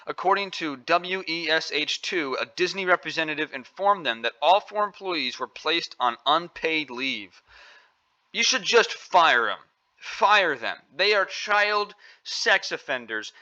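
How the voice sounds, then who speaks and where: A man's voice: fairly high pitch, lively intonation, measured pace, hardly any pauses, bright, forceful tone, muffled recording. A man giving opinionated, indignant news commentary, stressing points by repeating phrases. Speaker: commentary vlogger.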